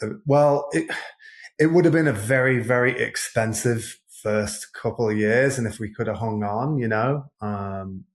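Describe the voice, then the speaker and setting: A man's voice: medium pitch, normal speed. A man talking as a podcast guest in a casual interview, rambling and hesitant with many restarts. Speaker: podcast guest, print shop owner. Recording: roomy echo.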